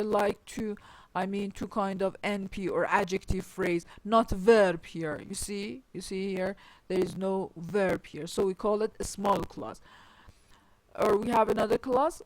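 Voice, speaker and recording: A woman teaching a grammar lecture, explaining deliberately and often rephrasing herself with "I mean". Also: medium pitch, dry recording, poor audio.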